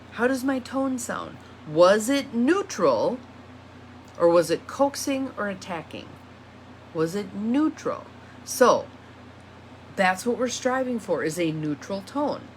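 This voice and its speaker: A woman's voice: a little high, big pitch swings, slow, long pauses, slight background noise. A woman, an empowerment coach, talking through self-reflection questions in a casual teaching monologue, reading each question aloud and repeating it.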